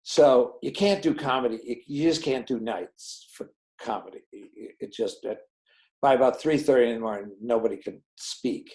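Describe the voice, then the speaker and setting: A film director being interviewed, telling behind-the-scenes stories and acting out the dialogue of the people in them. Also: male voice, mid-range voice, moderate pace, poor audio. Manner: animated, acts out dialogue in quoted voices. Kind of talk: anecdotal storytelling in an interview.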